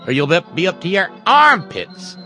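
A man voicing a showy, loud carnival barker with a sing-song, drawn-out hawking call. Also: high-pitched, sing-song, faint music behind, pitched above the performer's own voice, heavily acted. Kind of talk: comic radio bit.

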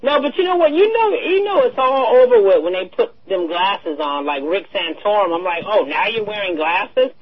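A woman co-hosting a talk radio show, in casual political chat that is animated and slangy. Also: mid-range voice, moderate pace, hardly any pauses, husky. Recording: dull lo-fi radio sound.

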